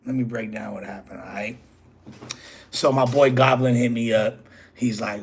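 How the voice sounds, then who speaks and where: A man's voice: fairly low pitch, normal speed, a bit bright, husky. A man hosting his own channel, talking straight to a rival in a rambling, profane, casual monologue full of "bro" and "you feel me". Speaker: host.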